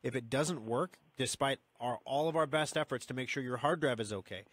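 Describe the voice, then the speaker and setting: Fast talking radio guy taking calls, super dry mic, no room sound. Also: medium pitch, a bit bright, no echo. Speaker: radio show host. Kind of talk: casual radio chat with callers.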